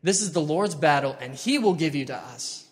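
A man voicing a bold young shepherd hero who delivers a loud, defiant speech. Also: on the high side, expressive, normal speed, close to an everyday voice. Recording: long hall reverb.

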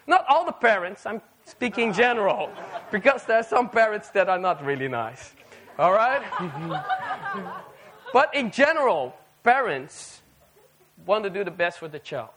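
A man preaches a sermon to a live audience at a measured pace, his voice sitting high. He's animated, firing rhetorical questions at the listeners.

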